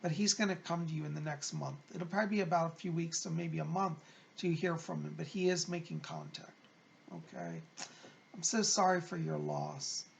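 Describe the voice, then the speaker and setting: A man working as a psychic medium, reading viewer letters aloud and passing on spirit messages in a gentle, consoling, chatty way. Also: on the high side, fairly even intonation, moderate pace, gravelly. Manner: gentle, consoling, chatty, calls listeners "hon".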